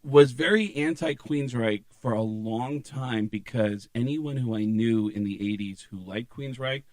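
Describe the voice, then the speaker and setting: A man's voice: mid-range voice, unhurried, a little mellow, no echo. A man in his forties from Arizona, telling rambling stories as a guest on a casual podcast. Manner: rambling storyteller, lots of fillers. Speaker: comedian guest.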